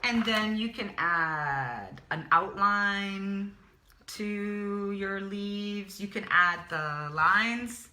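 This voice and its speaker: A woman art teacher with a medium-pitched, lively voice speaks slowly in a pushed, bright tone, recorded in a reverberant space with a little hiss or hum. Giving a drawing tutorial, she talks while working, chatty and encouraging, repeating words to herself as she draws.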